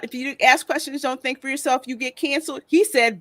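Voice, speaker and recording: A woman's voice: sits high, brisk, few pauses, no echo. A woman co-hosting a casual panel podcast, recounting stories emphatically. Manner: expressive, emphatic storyteller. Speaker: podcast co-host.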